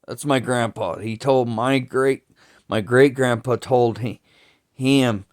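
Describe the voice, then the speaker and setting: A man telling family stories in a slow, halting way, restarting sentences often and cursing casually. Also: medium pitch, steady tone. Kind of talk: rambling family storytelling.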